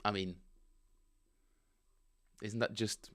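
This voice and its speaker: A man's voice: on the low side, steady tone, extremely slow, a bit bright. A man casually chatting with viewers on a live stream, rambling and joking as he reads chat aloud. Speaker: bass player streaming practice.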